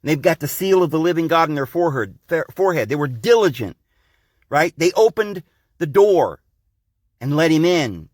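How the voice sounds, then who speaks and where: A man with a high voice hosts a podcast in a rambling, insistent monologue. He keeps addressing the listeners as guys and friends. The recording is close and dry, with no room sound. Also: sing-song, moderate pace, darkish tone, no echo. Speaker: podcast host. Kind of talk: preachy monologue.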